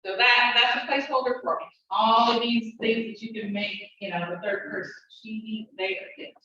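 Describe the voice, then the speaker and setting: A woman teaching a language class, explaining step by step and encouraging her students, sometimes talking fast when she gets excited. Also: fairly high pitch. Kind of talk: classroom instruction. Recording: echoey room, distant mic, muffled.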